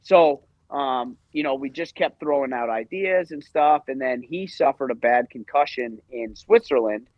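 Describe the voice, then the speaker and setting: A man in his thirties tells a story as a podcast guest, rambling along and leaning on filler words. His voice is an ordinary middle pitch. The audio is dry and a little dull. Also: normal speed, hardly any pauses, no echo. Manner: rambling, filler-heavy, animated retelling. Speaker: podcast guest, hockey coach. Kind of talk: casual storytelling interview.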